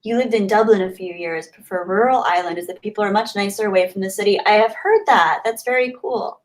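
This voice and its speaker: On a casual livestream from her Southern California home, a woman chats and laughs while reading viewer comments out loud. Her voice sits in the mid range, and she talks a little fast.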